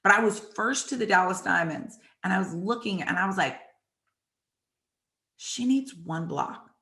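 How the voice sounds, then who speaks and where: A woman hosting and telling animated stories about her football days, acting out the lines people said. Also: mid-range voice, a little fast. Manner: animated, acts out quotes from the story. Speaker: host and former football player. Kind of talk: storytelling chat. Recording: echoey room.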